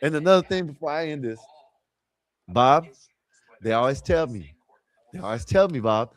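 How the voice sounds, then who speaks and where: High-voiced man rambling on a panel. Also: animated, normal speed, pauses often, no echo. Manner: rambling, keeps asking "you know what I mean". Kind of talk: casual panel talk.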